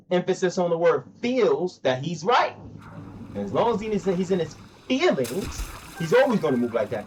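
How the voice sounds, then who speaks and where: A man's voice: fairly high pitch, big pitch swings, fairly quick, slight background noise. A man live-streaming, talking bluntly in a casual rant while playing a game, repeating himself, swearing and saying "bro" a lot. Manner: blunt, repetitive, says "bro" often, swears.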